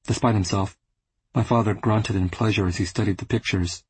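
Husky, low-voiced male audiobook narrator. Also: fairly even intonation, brisk, no room sound, rough recording. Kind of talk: first-person literary narration.

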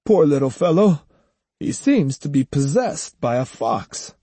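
A calm, wry grown man in an audiobook, firm but kind, as a male narrator voices him. His delivery is dry and amused, in a dark, husky tone heard up close and dry. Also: a little high, unhurried, dry recording, exaggerated voice. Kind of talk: audiobook character voice.

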